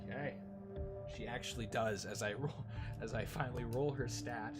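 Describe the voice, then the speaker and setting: A man's voice: mid-range voice, normal speed, loud music behind the voice. A man narrating as dungeon master, casual and laughing, with frequent fillers. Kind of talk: narrating a tabletop game.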